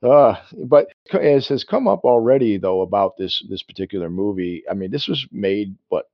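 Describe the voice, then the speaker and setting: A man's voice: lowish voice, animated, moderate pace, dry recording, muffled recording. A man co-hosting a casual film discussion, rambling and restarting sentences and acting out bits of dialogue. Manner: rambling, self-interrupting, acts out quotes. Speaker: podcast co-host.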